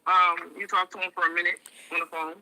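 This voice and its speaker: A man's voice: high voice, little pitch movement, fairly quick, bright, forceful tone. A man calling into a show by phone, explaining at length and often agreeing with "right". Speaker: caller. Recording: tinny phone line.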